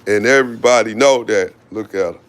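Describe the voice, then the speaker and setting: A man's voice: fairly low pitch, background noise. A man, casually explaining dog training in an outdoor yard while calling commands to his dogs. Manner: slow, relaxed, calls commands to dogs. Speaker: dog owner vlogger.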